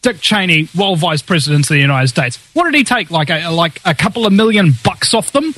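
A male talk host with a high voice and a very lively melody, leaping up and down in pitch. He is excitable and sarcastic, riffing and ranting in casual chat. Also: brisk, hardly any pauses, no echo, rough recording. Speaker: podcast host.

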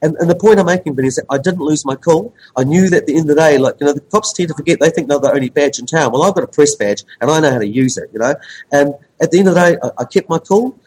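A journalist man in casual chat, telling a story with lively animation. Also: fairly high pitch, quick pace, breathy edge, poor audio.

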